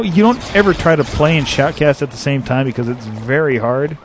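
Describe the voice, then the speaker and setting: A Southern California man hosts a laid-back internet radio show from his apartment, joking and rambling with plenty of fillers while playing a shooter and narrating the action. His voice is medium-pitched at a normal speed with few pauses, and there's background noise.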